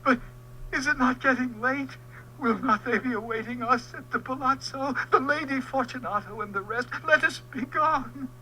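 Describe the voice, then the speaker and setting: A man's voice: normal speed, sharp tone, slight background noise, heavily acted, low-quality recording. Shrieking, cackling doomed nobleman. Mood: hysterical. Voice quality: shrill, cackling, near-screaming. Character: hysterical walled-up nobleman, man. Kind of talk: audiobook dramatic reading.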